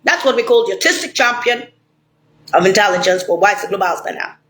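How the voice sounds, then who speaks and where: A woman's voice: mid-range voice, fast talker, a bit bright. A woman delivering a rambling, angry, profane monologue straight to the listener. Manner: ranting, swearing, rambling. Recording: roomy echo, faint ambience.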